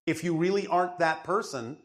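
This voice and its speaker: In a fairly high voice and at a fairly quick clip, a spiritual speaker delivers a channeled teaching to a questioner. He is emphatic and instructive, repeatedly confirming that his listener understands.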